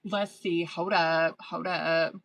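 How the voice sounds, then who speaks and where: Profane, excitable woman reading tarot live. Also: on the low side, slow pace, creaky, poor audio. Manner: profane, excitable, laughs often; slangy, chatty, addresses viewers as girl and boo. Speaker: tarot reader. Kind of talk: casual live-stream reading.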